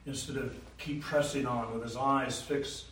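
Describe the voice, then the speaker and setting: A man preaching a sermon, emphatic, rising to loud declarations and dropping low again. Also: steady tone, moderate pace. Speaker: pastor. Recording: roomy, from a distance, faint hiss.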